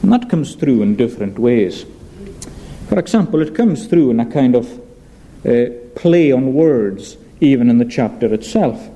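A man preaches a sincere expository sermon in a dark-toned, mid-range voice, reading scripture slowly aloud and raising rhetorical questions along the way.

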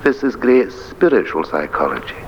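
An older minister delivers a sermon in a low voice that rises and falls with wide, lively swings of pitch. He presses his points earnestly, stressing key words. The recording is dull and lo-fi, with a faint hiss behind him. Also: moderate pace.

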